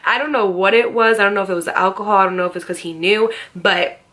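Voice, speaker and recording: A young woman in her twenties telling a story to her viewers in a casual, animated way, full of fillers and quoted dialogue. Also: medium pitch, fast. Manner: chatty, animated retelling with quoted voices and laughter; frequent fillers and direct address to viewers.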